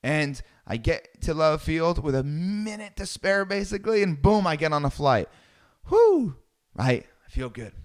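Guy telling a story, lively, does little voices for people he quotes. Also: on the high side, normal speed, hardly any pauses. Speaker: speaker telling a personal story. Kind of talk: storytelling talk.

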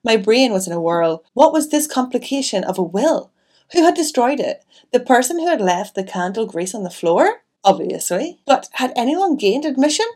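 A woman's voice: fairly high pitch, sing-song, normal speed, darkish tone. A woman reading a mystery audiobook steadily, breaking off now and then for casual chatty asides. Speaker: audiobook narrator.

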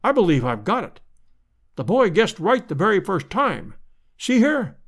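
A man voicing a brisk, hearty aristocratic adventurer in a storybook reading. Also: high-pitched, very animated, exaggerated voice. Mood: eager.

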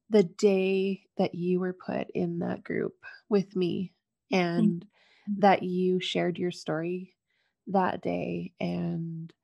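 Slow, gravelly-voiced woman host. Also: on the low side, a little mellow, no echo, lo-fi sound. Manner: effusive and grateful. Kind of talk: heartfelt conversation.

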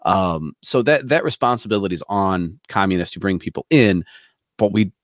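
Male podcast co-host, low-pitched and dry, earnest and rambling. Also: normal speed, no room sound. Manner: earnest, talks in long run-on points with fillers. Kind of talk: casual political podcast chat.

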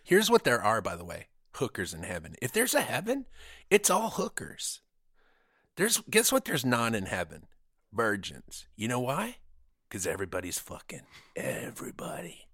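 A man's voice: mid-range voice, normal speed, no echo, clean studio sound. A man telling stories in casual chat, swearing a lot and acting out what people said to him. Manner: animated, acts out quotes, swears, says dude. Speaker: podcast guest.

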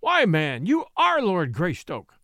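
A man's voice: high voice, wildly swooping pitch, slow pace, bright, forceful tone, no room sound, clean studio sound, full character voice. A man reading an audiobook, voicing a frightened adult thief who begs desperately for his life. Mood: pleading. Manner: pleading, desperate.

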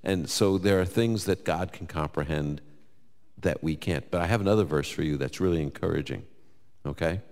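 A man with a New York accent fields Bible questions before a live audience. His voice is very low, and he mixes scripture quotes with casual asides. A long hall reverb trails each phrase. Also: moderate pace. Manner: conversational, lively, quotes scripture, jokes.

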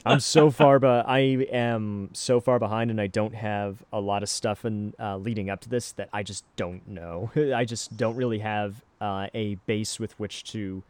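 A man's voice: lowish voice, fairly even intonation, unhurried, hardly any pauses, darkish tone, no room sound. A man co-hosting a casual anime podcast, laughing often and talking with animation. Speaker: podcast co-host. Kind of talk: casual chat.

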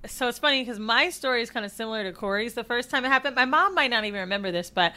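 A woman's voice: on the high side, expressive, rapid-fire, sharp tone. A woman co-hosting a podcast, telling blunt and crude stories in casual chat.

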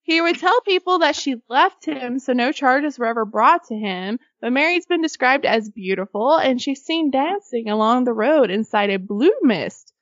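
A woman's voice: high-pitched, lively intonation, moderate pace, few pauses, no room sound, dull audio. A woman co-hosting a casual podcast, reading ghost stories aloud with jokey asides, frequent laughter and swearing. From Arkansas. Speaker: podcast co-host.

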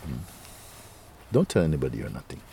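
A male spiritual teacher speaking to a listener in a gentle, playful way, laughing often and using nonstandard English grammar. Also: extremely low pitch, sing-song, brisk, creaky, slight background noise. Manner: gentle, playful, laughs often, repeats "you see" and "huh".

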